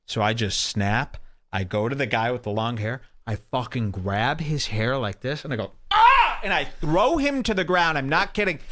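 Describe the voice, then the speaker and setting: A man hosting a talk show, telling a wild story in an excitable, profane way and acting out the quotes. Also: normal speed. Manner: excitable, profane, acts out quotes with big pitch jumps. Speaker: podcast host. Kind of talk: animated storytelling.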